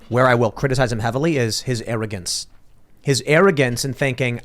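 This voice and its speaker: Animated man in political podcast chat. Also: medium pitch, moderate pace. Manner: animated, mimics people in mock quotes. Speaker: podcast co-host. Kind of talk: casual political commentary.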